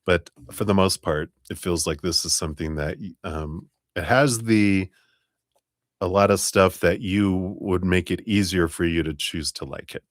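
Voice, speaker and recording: Deep-voiced man giving a tarot reading. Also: moderate pace, dry recording, clean studio sound. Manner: chatty, laughing often, stretching words for emphasis. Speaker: tarot reader. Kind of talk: live-stream tarot reading.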